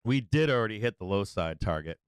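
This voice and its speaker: A man hosting a live stock market stream, giving brash, excitable trader banter as prices move. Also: lowish voice, a little fast, smooth, no room sound. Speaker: stock market livestream host.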